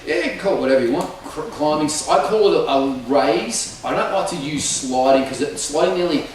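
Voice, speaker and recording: A man's voice: on the high side, animated, brisk, a little hiss or hum. A man teaching a live group singing lesson, energetically demonstrating sung vocal slides. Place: hall with a live audience. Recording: echoey room, far from mic, loud music.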